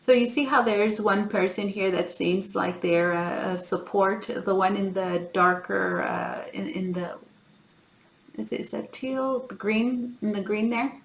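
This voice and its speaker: Woman giving a tarot reading, halting. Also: mid-range voice, fairly even intonation, gravelly, reverberant, slight background noise. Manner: halting, repeats herself, keeps saying "guys". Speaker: tarot reader.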